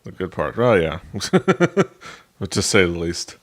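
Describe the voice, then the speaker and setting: A man with a very low, deep voice chats loosely on a music podcast. He rambles, trips over his words and circles back with plenty of uh's and likes. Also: big pitch swings, slow pace. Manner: rambling, lots of fillers and restarts. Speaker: podcast co-host. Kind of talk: casual chat about music.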